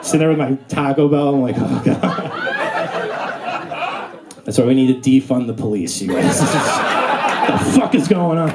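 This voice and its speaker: A young man performing a stand-up comedy set on a club stage. His storytelling is animated, and he jumps into high, squeaky voices for the characters he acts out. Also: moderate pace, pauses often, a loud crowd, very noisy. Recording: live audience laughter throughout.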